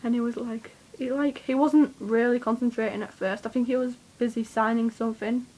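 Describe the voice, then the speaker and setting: A young woman, telling a rambling, excitable story to camera, swearing freely and with lots of fillers. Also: a little high, a little fast, poor audio. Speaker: vlogger.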